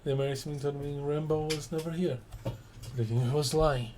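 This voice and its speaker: A man's voice: on the high side, steady tone, a little fast, darkish tone, slight background noise. A man casually playing through a narrative game, reading dialogue choices aloud, repeating lines and adding wry asides. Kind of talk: casual let's-play commentary. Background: game music.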